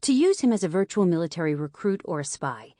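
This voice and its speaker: A woman reads fiction aloud as an audiobook narrator, even and clear. Her voice sits low for a woman, and the sound is dry and close. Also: quick pace, no echo. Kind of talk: scripted narration.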